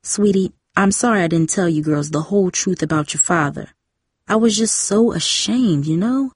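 A woman voicing a weary middle-aged mother who speaks softly and apologetically. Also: fairly low pitch, normal speed, no echo, studio quality, natural voice. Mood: rueful. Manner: soft, apologetic. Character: tired middle-aged mother, soft and rueful.

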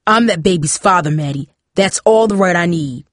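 A woman voicing an angry middle-aged father who shouts and booms during a family fight. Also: lively intonation, moderate pace, no echo, clean studio sound. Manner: loud, booming.

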